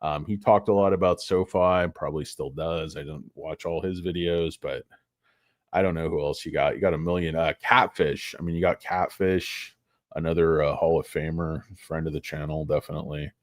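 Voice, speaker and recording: A man's voice: rumbling low, fairly even intonation, moderate pace, no room sound, clean studio sound. A man hosting a stock market video, talking in a casual, joking, irreverent ramble full of fillers.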